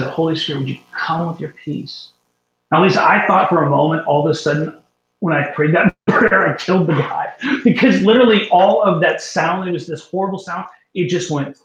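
A man tells a story on a faith talk show, animated and emphatic, acting out the voices of the people in it. His voice sits a little high for a man. The sound is roomy and a bit dull. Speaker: guest minister.

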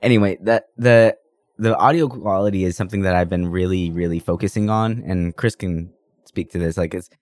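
Low-voiced podcast co-host, sick. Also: male voice, fairly quick, a little mellow, no room sound. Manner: rambling, enthusiastic, many fillers. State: sick, under the weather. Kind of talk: casual chat. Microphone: podcast microphone.

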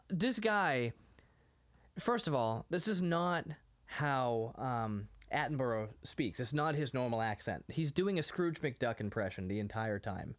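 A man in his thirties co-hosts a casual movie-chat podcast, rambling, laughing frequently, and acting out quotes. He has a medium-pitched, animated voice and speaks a little slowly.

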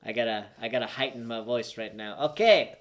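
A man's voice: lowish voice, level tone, brisk, fairly bright tone. A drunk man co-hosting a podcast in casual chat, hesitant and full of fillers, swearing now and then. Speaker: podcast co-host.

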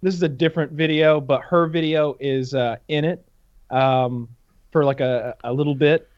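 A man's voice: a little high, fairly even intonation, moderate pace. Rambling man on a lo-fi line. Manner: rambling, restarts, acts out his own quotes. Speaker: podcast co-host. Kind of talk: casual chat.

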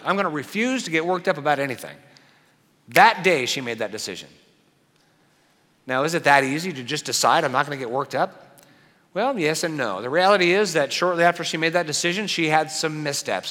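A pastor preaching a sermon in an animated, conversational way with playful asides. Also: male voice, medium pitch, in a large hall.

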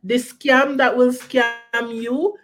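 A woman's voice: high-pitched, takes it slowly, over music. A woman, a film writer and director, talking casually in an interview and often repeating herself. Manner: animated, repeats herself, frequent "you know what I mean".

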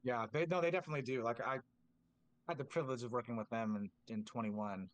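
A man's voice: mid-range voice, fast talker, no echo. A man, a drumline instructor, telling stories casually on a podcast and acting out quoted dialogue with lots of filler words. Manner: animated, acts out quoted dialogue in a raised voice.

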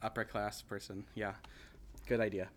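A man's voice: fairly low pitch, level tone, moderate pace, heavy background noise. A man hosting a podcast, chatting casually in a rambling, joking way with many restarts. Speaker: podcast host. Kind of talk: casual chat.

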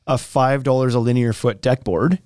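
A man's voice: mid-range voice, steady tone, normal speed, darkish tone, no room sound, clean studio sound. A man co-hosting a casual deck shop podcast, chatty, laughing often and trailing off mid-sentence.

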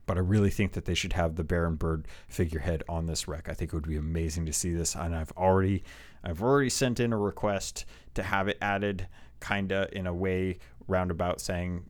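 A man with a slightly low voice gives casual, excited commentary on game lore. He rambles, trips over his words and restarts sentences as his enthusiasm runs ahead of him. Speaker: game lore video host.

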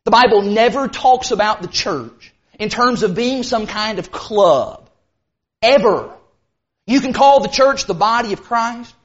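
Earnest male preacher, slightly dull recording. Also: high voice. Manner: earnest, emphatic, with sudden bursts of speed and slow stressed phrases. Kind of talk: sermon.

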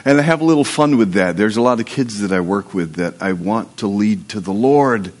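A man with a lowish, slightly mellow voice talks a little fast with lively intonation. As pastor on a livestream, he reads scripture aloud and then preaches to his congregation in a relaxed, joking style, with prayer woven in.

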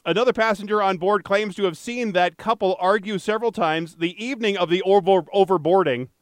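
A man with a smooth, slightly higher-pitched voice co-hosts a casual podcast, chatting his way through odd news items. He jokes, loses his thread and corrects himself, all in a close, dry recording. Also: brisk, no room sound. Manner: rambling, self-correcting, jokey. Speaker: podcast co-host and traffic anchor.

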